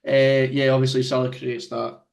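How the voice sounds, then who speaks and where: A man's voice: mid-range voice, flat delivery, moderate pace, gravelly. A man hosting a casual football podcast, joking around and steering the talk with questions. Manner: jokey, leads the discussion with questions. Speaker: podcast host.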